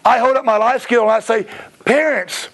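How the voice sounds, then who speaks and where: High-pitched gravelly man. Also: little pitch movement, a bit bright. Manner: chatty, acts out kids and parents in quick bits. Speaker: martial arts school owner presenting. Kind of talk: seminar talk to school owners.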